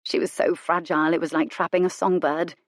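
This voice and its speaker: Low-voiced woman narrating a romance. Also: flat delivery, brisk, dry recording, studio quality. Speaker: audiobook narrator. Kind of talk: scripted narration.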